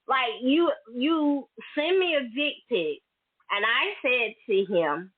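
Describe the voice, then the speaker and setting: A woman's voice: medium pitch, animated, slow, husky. A woman hosting a solo podcast, venting bluntly and emphatically in casual, profane talk. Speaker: podcast host. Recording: tinny phone-like audio.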